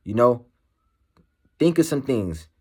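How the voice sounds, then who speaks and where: A man speaking candidly to camera as a motivational vlogger, halting and slangy, full of "you know" fillers. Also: medium pitch, sing-song, dark tone, breathy edge. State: emotional, shaken. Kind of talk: candid personal monologue to camera.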